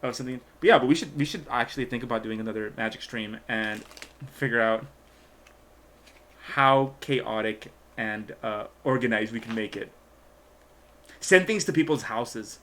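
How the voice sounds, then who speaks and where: A man's voice: medium pitch, moderate pace, a bit bright. A man hosting a casual live stream, rambling along with many fillers and trailing thoughts. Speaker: stream host and magician.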